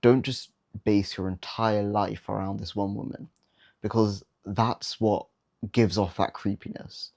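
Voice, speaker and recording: A man's voice: on the low side, steady tone, unhurried, gravelly, a little mellow. A young man giving dating advice in a casual, blunt, slangy monologue, often mocking the habits he warns against.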